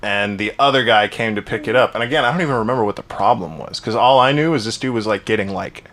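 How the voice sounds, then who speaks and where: A man's voice: lowish voice, fast, fairly bright tone. A young man co-hosting a casual podcast, telling a long work story with swearing and many restarts. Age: young adult. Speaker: podcast co-host. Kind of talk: casual chat.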